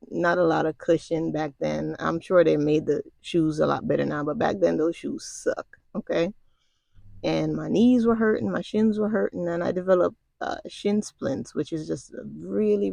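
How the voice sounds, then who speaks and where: Middle-aged woman telling a story, kinda gravelly, dry close sound, chatty asides to you. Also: low voice, darkish tone, dry recording. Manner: conversational and colloquial, with frequent asides to the listener. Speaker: storyteller recounting military basic training. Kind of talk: casual spoken storytelling.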